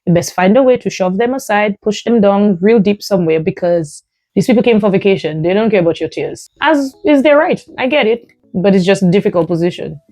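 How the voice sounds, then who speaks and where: A woman hosting her own podcast, telling a personal story in an animated, emphatic way, often breaking into laughter. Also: mid-range voice, fairly quick, no echo. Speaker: podcast host.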